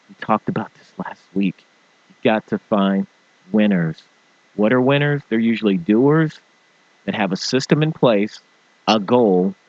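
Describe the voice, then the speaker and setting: A man hosting a talk show, giving an animated motivational rant and mimicking people in funny voices. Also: on the low side, no echo, highs cut off. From small-town farming family. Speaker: show host.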